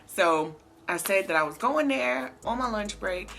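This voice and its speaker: A young woman vlogger telling a casual storytime, animated and slangy, talking straight to her viewers. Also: medium pitch, unhurried, vocal fry, slight background noise. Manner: animated, slangy, addresses viewers as baby and girl.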